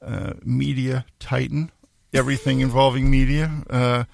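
A man's voice: medium pitch, little pitch movement, normal speed, vocal fry, no room sound, studio quality. A middle-aged man hosting a casual interview show, telling stories and acting out the people he quotes. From Maine. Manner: storytelling, acting out quoted voices, laughs. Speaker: host.

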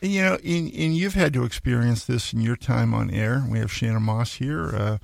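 A man's voice: mid-range voice, moderate pace, vocal fry, darkish tone, dry recording, clean studio sound. A middle-aged man hosting a casual interview show, telling stories and acting out the people he quotes. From Maine. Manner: storytelling, acting out quoted voices, laughs. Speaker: host.

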